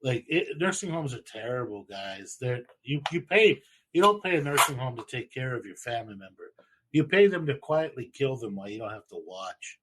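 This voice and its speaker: A man's voice: mid-range voice, big pitch swings, normal speed, fairly bright tone, slight background noise. A man telling stories in a loose, rambling and profane way as host of a casual chat show. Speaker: podcast host.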